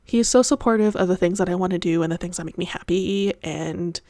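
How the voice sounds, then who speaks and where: A woman's voice: on the low side, fast, warm tone, dry recording, clean studio sound. A young adult woman hosting her podcast, talking in a candid, rambling and tangential personal monologue. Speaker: podcast host.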